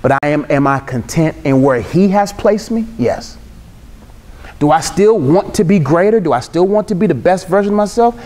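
A man's voice: a little high, lively intonation, normal speed, a little mellow. A young man preaching a sermon in an emphatic, casual way, mixing slang and humor. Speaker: Christian speaker.

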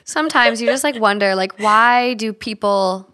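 High bright young woman, blunt. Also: moderate pace. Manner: blunt, swears freely, lots of filler likes. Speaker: podcast host. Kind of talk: casual podcast chat.

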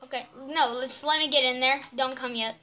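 A woman's voice: sits high, fairly even intonation, fairly quick, bright, forceful tone. A woman playing a game with a friend, joining a silly role-play in a playful, insistent way. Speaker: player.

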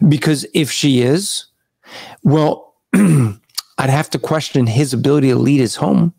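A man hosting a casual online discussion over a video call, talking at length, restarting sentences and clearing his throat. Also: mid-range voice, unhurried, a little mellow, dry recording. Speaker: podcast host.

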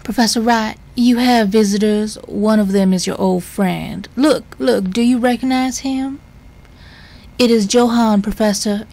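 A woman voicing a fussy, kindly elderly housekeeper in a slow Southern belle drawl, reading game dialogue aloud. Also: mid-range voice.

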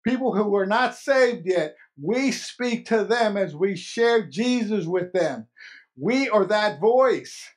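A man preaching a sermon as pastor, earnest and emphatic, repeating key phrases. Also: high voice.

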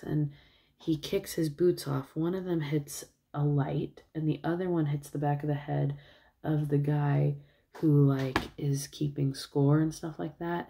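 Low-voiced woman rambling through a movie plot. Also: creaky, background noise. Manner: rambling, with many fillers. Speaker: vlogger. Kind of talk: casual retelling of a movie plot.

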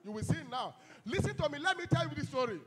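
A man preaching a fiery deliverance sermon as pastor, shouting commands and speaking in tongues. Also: very high-pitched, big pitch swings, quick pace.

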